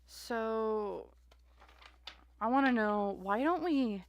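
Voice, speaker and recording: A woman's voice: medium pitch, moderate pace, slight background noise. A woman doing a live-stream tarot reading, musing aloud with many restarts and fillers. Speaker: tarot reader.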